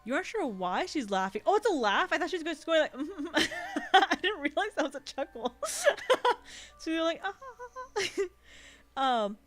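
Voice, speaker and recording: A woman's voice: high voice, animated, fairly quick, a bit bright, soft background music. A woman streamer reading a visual novel aloud, adding giggly, sweary asides. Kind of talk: reading a game aloud with commentary.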